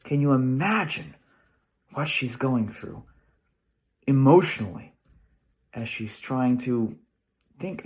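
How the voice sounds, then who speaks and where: A middle-aged American man gives a relaxed Torah lesson straight to his listeners. He talks in a mid-range voice, thinking aloud with restarts and frequent rhetorical questions. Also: medium pitch, slow pace, long pauses. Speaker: rabbi teaching weekly Torah lesson. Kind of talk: casual Torah lesson to camera.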